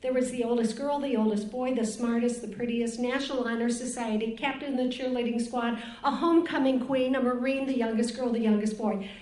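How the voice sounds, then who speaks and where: A woman's voice: a little high, steady tone, a little fast, a little mellow. An older woman from Cleveland, Ohio, giving a candid, rambling personal testimony as a speaker on a recovery panel. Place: conference room at a retreat. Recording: roomy conference room.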